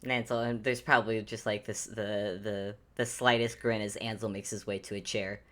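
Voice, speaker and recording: Very deep-voiced woman game master. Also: normal speed. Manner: animated, descriptive, self-correcting. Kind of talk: narrating a tabletop game.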